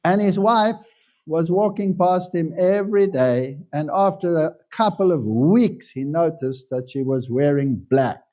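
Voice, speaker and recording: A man's voice: a little high, unhurried, mellow. Chatty man telling sermon stories. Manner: conversational storyteller, self-deprecating humor. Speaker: pastor. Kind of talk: anecdotal sermon talk.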